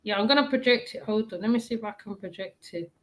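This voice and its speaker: A woman hosting a casual chat, animated, repeating herself and laughing often. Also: medium pitch, fast. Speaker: host.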